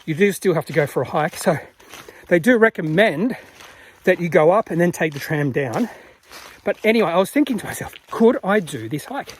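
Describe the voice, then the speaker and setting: A man's voice: high-pitched, expressive, normal speed, breathy edge. A man chatting casually and rambling with fillers while filming himself on an outdoor rainforest trail. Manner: chatty, rambling, lots of fillers and self-corrections. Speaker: hiking vlogger. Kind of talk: casual vlog narration while hiking.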